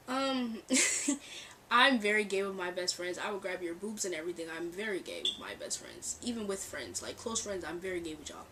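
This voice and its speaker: A young woman casually telling a storytime vlog, animated and laughing, acting out the lines of the people in her story. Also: medium pitch, far from the mic, a little hiss or hum. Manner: animated, acts out quoted dialogue, laughs often. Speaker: storytime vlogger. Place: bedroom near a street. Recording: mic set back, faint background ambience. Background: cars passing outside.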